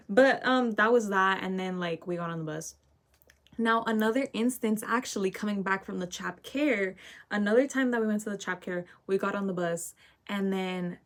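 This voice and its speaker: A teenage girl telling a casual story while getting ready, ranting and full of fillers, often tagging lines with "okay?". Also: medium pitch. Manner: ranting, filler-heavy, keeps asking "okay?". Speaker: vlogger.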